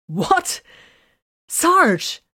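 A woman's voice: lowish voice, normal speed, darkish tone, dry recording, clean studio sound, natural voice. A woman reading a story, voicing a blunt, sarcastic young woman with mystic powers.

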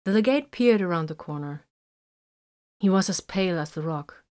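Woman reading a story in a low voice. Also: animated, normal speed, a little mellow. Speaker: narrator.

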